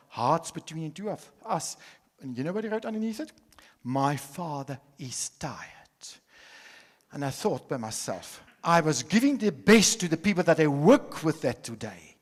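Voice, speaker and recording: An older man from South Africa giving a dramatic conference talk, swinging from loud storytelling to hushed asides. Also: on the high side, slightly rough. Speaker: conference speaker. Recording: hall reverb.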